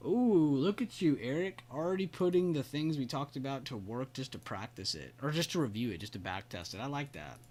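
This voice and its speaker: A man's voice: mid-range voice, animated, brisk, hardly any pauses, a little mellow. A man hosting a live trading stream, walking through charts casually and praising viewers by name. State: hiccups. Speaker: trading livestream host. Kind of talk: live market commentary.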